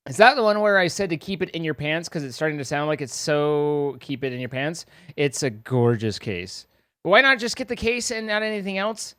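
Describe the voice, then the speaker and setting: Live streamer, casual playful banter with chat; animated delivery, dry sound. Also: mid-range voice, moderate pace, no echo. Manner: rambling, animated.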